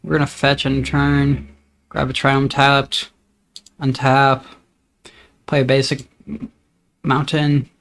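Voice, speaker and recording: A man giving casual commentary on his own card game, thinking aloud about each play in a relaxed, upbeat way. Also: mid-range voice, slow pace, long pauses.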